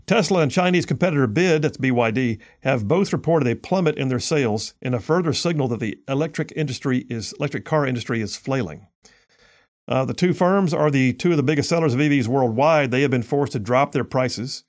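A man's voice: medium pitch, fairly quick. A man hosting a talk radio show, reading news stories and mocking them in a sarcastic, combative way. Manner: sarcastic, combative, reads news then mocks it.

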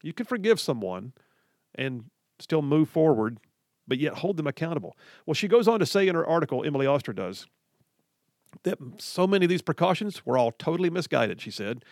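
A man hosting a talk radio show, ranting in an animated, mocking way about the news. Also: a little high, a little fast, no room sound, studio quality. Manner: animated, mocking, quotes others in put-on voices. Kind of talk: opinionated talk radio monologue.

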